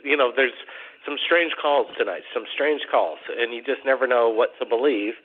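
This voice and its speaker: A man's voice: medium pitch, normal speed, breathy edge. Rambling male call-in radio host. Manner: chatty, rambling, repeats questions. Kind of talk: casual call-in radio chat. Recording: tinny phone-like audio.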